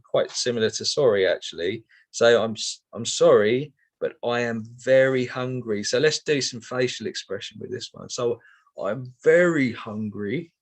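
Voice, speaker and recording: A middle-aged man teaching sign language in an online session, explaining each step patiently with many ums and okays. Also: on the low side.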